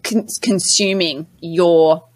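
A woman's voice: lowish voice, steady tone, takes it slowly, darkish tone. An Australian woman co-hosting a casual podcast, explaining points in a playful way. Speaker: podcast co-host. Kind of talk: casual chat.

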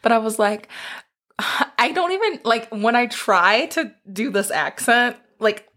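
A woman's voice: fairly high pitch, expressive, slow, pushed and bright. A woman co-hosting a podcast in casual chat, bubbly and laughing often. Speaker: podcast co-host.

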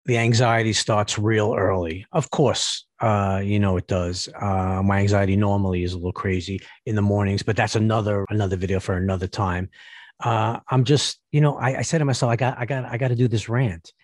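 A man's voice: lowish voice, no echo. Sarcastic man ranting, dry sound. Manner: sarcastic, mocking asides; halting, repeats words. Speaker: vlogger. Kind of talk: ranting commentary.

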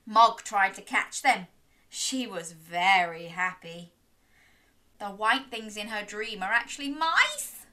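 A woman's voice: a little high, pushed and bright. A young woman reading a children's story aloud, sing-song and encouraging, gasping and inviting little listeners to join in.

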